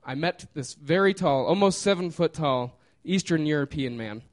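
A man's voice: on the high side, expressive, normal speed. A man casually telling a personal story, laughing often and trailing off with fillers.

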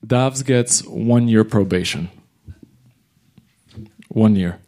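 A man doing stand-up storytelling, animated and slangy, jumping in and out of character voices. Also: on the low side, very slow. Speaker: stand-up comedian.

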